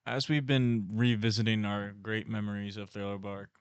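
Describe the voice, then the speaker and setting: A man's voice: fairly low pitch, flat delivery, normal speed, clean tone, no echo, highs cut off. A young man who is a guest on a casual podcast, chatting and teasing in a laid-back way.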